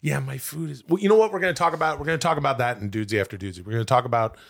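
A man co-hosting a comedy podcast, brainstorming in a casual, excitable way, swearing freely and jumping up in pitch as he riffs. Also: very fast, gravelly. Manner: animated, excitable, jumps high in pitch when riffing. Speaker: podcast co-host.

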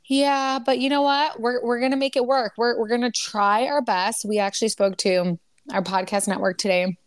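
A woman's voice: a little high, steady tone, moderate pace, smooth, dry recording. Chatty woman podcast co-host, dry close sound. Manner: chatty, rambling, lots of likes and fillers. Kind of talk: casual chat.

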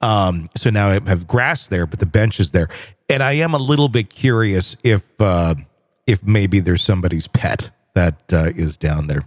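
A man's voice: sits low, expressive, moderate pace, no echo, clean studio sound. A man co-hosting a podcast, chatting casually and rambling through jokes. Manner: rambling, joking. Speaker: podcast co-host. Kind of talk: casual chat.

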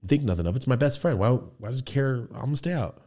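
This fast-talking host has a mid-range voice as he spins a profane street story on his studio podcast. The delivery is casual and animated, complete with acted-out quotes and gun noises.

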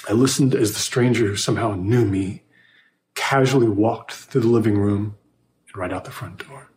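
A man narrating a first-person horror story in a measured, scripted way, recorded with a roomy echo. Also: fairly low pitch.

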